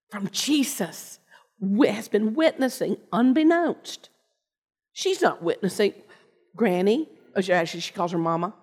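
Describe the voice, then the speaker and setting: An older woman giving a personal storytelling sermon, earnest, with pauses and restarts. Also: mid-range voice, animated, a little mellow, breathy edge. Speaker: lay preacher and teacher. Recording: long reverb of a large hall.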